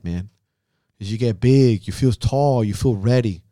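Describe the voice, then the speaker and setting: A fairly low-voiced man hosts a podcast with an intense, profanity-heavy pep-talk manner. His tone is dark and mellow. The recording is close and dry, with no room sound. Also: a little slow, no room sound. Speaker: podcast host. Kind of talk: motivational podcast chat.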